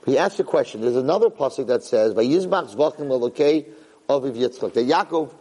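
A man teaching a Torah class, animated, jumping high when he acts out a yelling parent. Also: fairly quick, husky. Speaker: Torah lecturer. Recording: long hall reverb.

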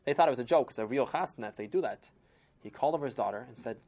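A woman storyteller with a low voice that swings widely in pitch as she narrates. She tells the tale expressively, dropping in Yiddish and Hebrew terms and acting out the characters. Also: animated, racing, darkish tone. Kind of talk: animated storytelling.

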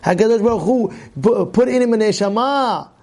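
A man teaching a Torah class and telling a personal story, animated, often repeating words and restarting. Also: high voice, a little fast.

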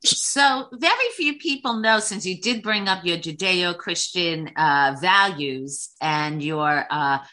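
Slow, bright-voiced New York woman. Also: on the low side, lively intonation. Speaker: interviewer. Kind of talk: interview questions.

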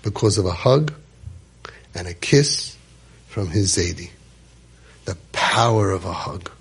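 A man, telling a personal story with animated repetition and Yiddish words. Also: sits low, slow, breathy edge. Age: 50s. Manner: animated, repeats phrases for emphasis, sprinkles Yiddish words.

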